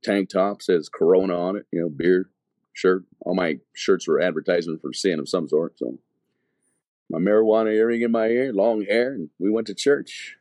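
Deep-voiced man telling his story loosely. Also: normal speed, darkish tone, dry recording, clean studio sound. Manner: storytelling, acting out past dialogue; loose, rambling, full of "you know". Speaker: evangelist telling his testimony. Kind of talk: casual spoken testimony.

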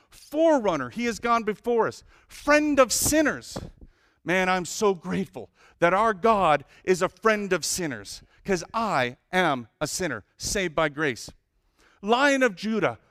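A male pastor preaching a sermon, listing names of God with lively emphasis and humorous asides. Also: high voice, no room sound, clean studio sound.

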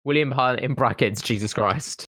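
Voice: mid-range voice, moderate pace, a bit bright, no echo. Co-host, comic banter, mocking and giggly, dry sound. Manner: teasing, mocking, laughs often. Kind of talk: casual comedic chat.

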